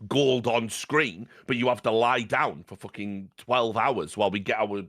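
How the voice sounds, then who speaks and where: A man co-hosting a casual film chat podcast, giving measured, opinionated takes and often repeating his opening words. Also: on the low side, fairly bright tone, dry recording, clean studio sound. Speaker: podcast co-host.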